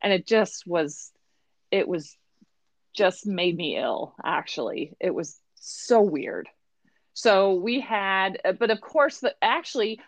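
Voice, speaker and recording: A woman's voice: mid-range voice, dry recording. A middle-aged woman hosting a podcast, recapping an episode in a chatty, wry way with exasperated asides. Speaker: podcast host. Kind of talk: casual recap chat. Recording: dry, dull lo-fi sound.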